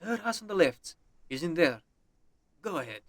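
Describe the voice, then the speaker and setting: Man doing a lazy, gruff guard. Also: a little high, big pitch swings, normal speed, no room sound, clean studio sound, pitched above the performer's own voice. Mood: dismissive. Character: lazy dismissive male guard.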